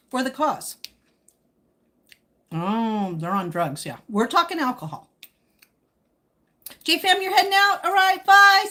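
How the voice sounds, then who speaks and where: A woman hosting a casual live stream, answering viewer comments in a chatty, teasing way, with a slightly husky voice. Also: sits high, a bit bright. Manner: speaks while eating. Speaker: livestream host chatting with viewers.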